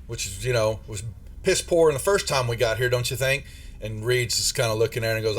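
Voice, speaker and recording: A man with a drawl runs a tabletop horror game as its game master. He narrates in a rambling, halting way, full of fillers and false starts, at an average pitch for a man.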